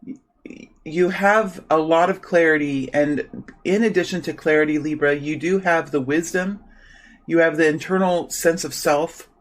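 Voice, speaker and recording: A man doing a solo tarot reading, speaking softly and repeating invocations while shuffling, with his morning voice. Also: a little high, low-quality recording. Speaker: tarot reader.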